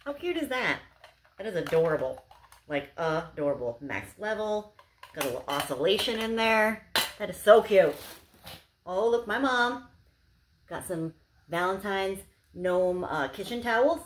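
A woman's voice: medium pitch, lively intonation, unhurried, pauses often, slight background noise. A young woman chatting casually to camera as she unboxes gifts, gushing and bubbly, with lots of "like"s. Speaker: unboxing vlogger.

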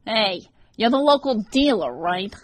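A woman voicing a sneering, soul-eating young male demon with a dark, nasal voice in an audiobook. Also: mid-range voice, very animated, a little slow, slight background noise, voice pushed up. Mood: taunting.

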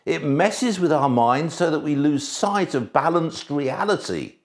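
Animated male preacher with a lively voice. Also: on the high side, measured pace. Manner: emphatic, shifts between soft and raised delivery. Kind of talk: sermon.

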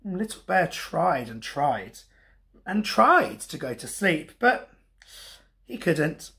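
A man reads a bedtime story to young children in a gentle, expressive teacher's voice. He takes his time, and his pitch rises and falls in a lively way. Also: slow, creaky.

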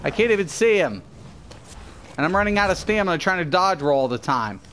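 A man's voice: high voice, sing-song, brisk, a bit bright, a little hiss or hum. A young man streaming a game live, commenting on play and ranting at his chat with heavy swearing. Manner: profane, ranting, addressing chat.

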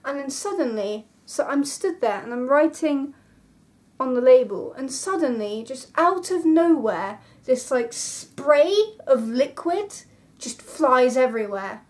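A young woman vlogger telling a story in a casual, animated way, full of dramatic asides and exclamations. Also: sits high, a little slow.

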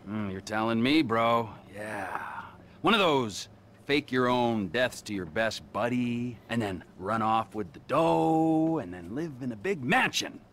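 A man's voice: mid-range voice, expressive, a little slow, fairly bright tone, slight background noise. An actor playing a volatile, menacing male criminal in a video game cutscene, talking in a mocking, sarcastic way. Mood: sneering. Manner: mocking, sarcastic, lurches between sneer and fake cheer.

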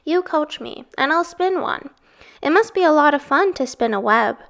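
A woman's voice: high-pitched, expressive, normal speed, gravelly, fairly bright tone, pitched above the performer's own voice, full character voice. Wilbur, an eager young pig, as a woman puts him on.

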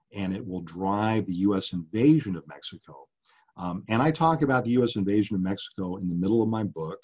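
A middle-aged man speaks to an audience in a low, husky voice. He lectures earnestly and with conviction, pausing on frequent ums and uhs as he walks through his slides. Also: a little mellow. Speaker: author giving a public talk.

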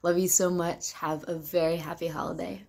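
A woman's voice: fairly low pitch, level tone, normal speed, darkish tone. A woman recording a short, cheerful holiday greeting. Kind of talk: video greeting message.

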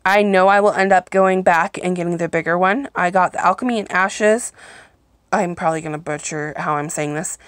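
A woman's voice: fairly low pitch, fairly even intonation, normal speed, no echo. A woman chatting casually through a home unboxing on her phone, gushing and apologetic, often stretching out her words. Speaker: vlogger reviewing products. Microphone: phone held in hand, then set down.

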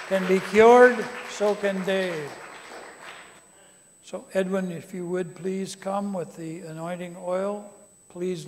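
A man preaching to a congregation, animated and rising to loud emphatic calls. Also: high-pitched. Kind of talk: sermon to a congregation. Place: conference center hall. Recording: long reverb of a large hall.

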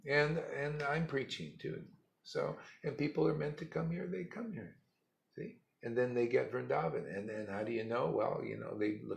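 A man's voice: medium pitch, creaky. A man giving a rambling, blunt spiritual talk, mocking and laughing often. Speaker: spiritual teacher. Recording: echoey room.

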